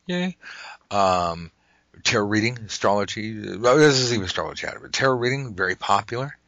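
A man's voice: lowish voice, normal speed, long pauses, sharp tone, dry recording, rough recording. A man hosting a casual podcast conversation, rambling and joking, often stopping to restart his thoughts. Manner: rambling, self-interrupting, jokey. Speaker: podcast host.

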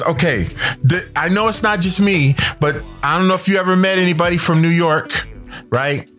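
Animated, high-pitched male radio DJ. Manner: rambling, joking, repeats himself. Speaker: radio DJ host. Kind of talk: casual radio chat between songs.

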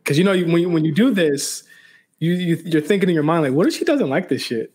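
Rambling young man, somewhat high voice. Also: expressive, fast, darkish tone, breathy edge. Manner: rambling, many restarts and quoted dialogue. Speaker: podcast co-host. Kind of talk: casual chat.

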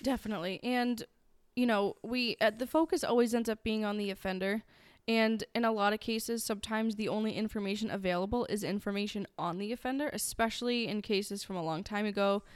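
A woman's voice: medium pitch, fairly quick, few pauses, smooth, no room sound, studio quality. A woman co-hosting a true crime podcast, chatting casually and telling the story with friendly asides. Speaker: podcast co-host.

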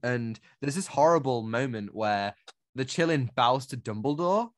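A man's voice: medium pitch, animated, measured pace, dry recording, clean studio sound. A man co-hosting a casual film review podcast, critiquing with exasperated, ranting energy. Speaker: podcast co-host.

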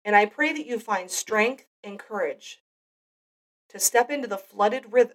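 A woman's voice: medium pitch, measured pace, distant mic. A woman hosting a devotional podcast, giving an earnest, heartfelt Bible teaching. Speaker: podcast host.

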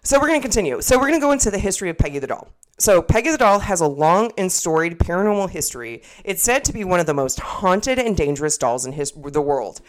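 A woman's voice: lowish voice, expressive, fast, hardly any pauses. A young woman co-hosting a podcast in casual chat, rambling and swearing freely, often restarting her sentences. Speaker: podcast co-host.

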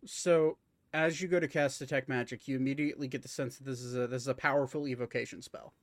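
A man runs a tabletop game, narrating the scene with frequent pauses and fillers. His voice is mid-pitched and recorded dry and close. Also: fairly even intonation, no room sound. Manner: hesitant, many fillers. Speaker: game master.

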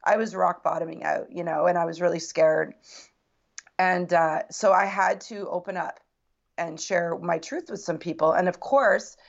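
Gravelly-voiced woman telling her story. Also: on the low side, steady tone, normal speed, lo-fi sound. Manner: earnest, reflective storytelling. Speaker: podcast guest. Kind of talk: personal story in casual conversation.

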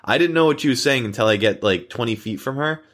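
A man's voice: medium pitch, expressive, quick pace, fairly bright tone. A young man, a podcast co-host, telling long workplace stories in casual chat, full of fillers and little acted quotes. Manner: rambling anecdotes with acted quotes, frequent fillers.

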